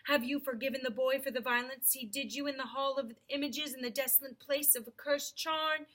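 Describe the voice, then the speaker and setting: A woman's voice: sits high, fairly even intonation, a bit bright. A woman voicing a solemn lion king. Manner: slow, grave, commanding. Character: majestic male lion king, solemn and kind.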